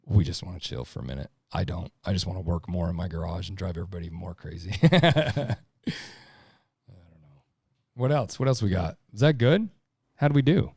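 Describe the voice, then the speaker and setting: Deep gravelly man, blunt and profane. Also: animated, brisk, long pauses, darkish tone, no room sound, clean studio sound. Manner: blunt, profane, emphatic storytelling. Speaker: podcast guest, lineman. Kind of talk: casual podcast chat.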